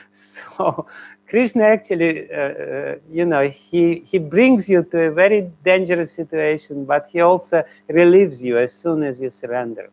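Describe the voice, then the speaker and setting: Brief: male spiritual teacher, slightly high voice, halting delivery with chuckles. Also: gravelly, a little mellow, lo-fi sound. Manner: hesitant, many fillers, chuckles between phrases. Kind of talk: question-and-answer talk.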